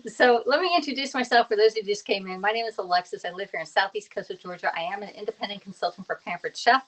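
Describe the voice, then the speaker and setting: A woman's voice: medium pitch, quick pace, fairly bright tone, a little hiss or hum. A woman in her thirties from Pennsylvania chatting casually with viewers while cooking on a live stream, laughing often and greeting people by name. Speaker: cooking live-streamer and kitchen tools consultant.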